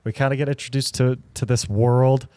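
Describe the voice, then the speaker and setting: A man's voice: medium pitch, little pitch movement, a little fast, mellow, no room sound. A man co-hosting a podcast, chatting casually about a film with frequent laughs. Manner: rambling, laughs often, many fillers. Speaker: podcast co-host. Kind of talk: casual movie review chat.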